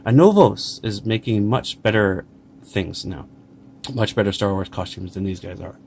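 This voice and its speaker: Middle-aged male vlogger, lowish voice, indignant and rambling, faint ambience behind. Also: normal speed, creaky, a little mellow, slight background noise. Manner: indignant, rambling, reads emails aloud. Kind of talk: casual vlog commentary.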